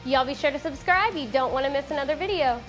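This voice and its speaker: Bubbly high-voiced woman. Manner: bubbly, teasing, quick to laugh. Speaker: DIY builder and co-host. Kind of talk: casual build tutorial with bloopers. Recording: music playing behind.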